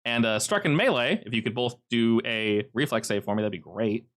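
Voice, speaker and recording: A man narrating as game master of an online tabletop game, with animated jumps in pitch. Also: fairly quick.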